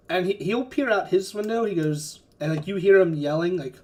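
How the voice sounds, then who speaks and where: A woman running a tabletop game as game master, narrating in an animated, chatty way and laughing often. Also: fairly low pitch, normal speed, few pauses, a little hiss or hum.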